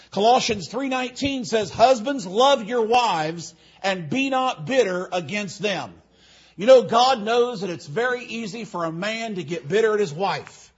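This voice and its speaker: Husky high-voiced preacher man. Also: highs cut off. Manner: rambling storytelling with repeated phrases. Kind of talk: sermon.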